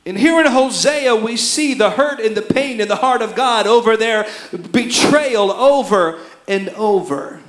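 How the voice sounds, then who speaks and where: Preacher, man, high voice, echoey room, impassioned sermon delivery. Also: a little slow. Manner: impassioned preaching, swings from shouting to hushed. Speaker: pastor.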